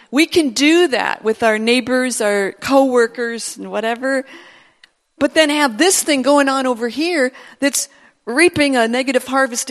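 A woman preacher giving a conversational sermon, acting out inner voices and repeating phrases for emphasis. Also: a little high. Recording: long hall reverb.

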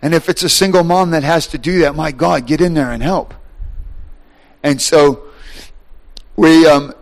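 Animated preaching man, high voice. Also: a little slow. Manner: animated, shouting, acts out voices with laughter. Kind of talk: sermon.

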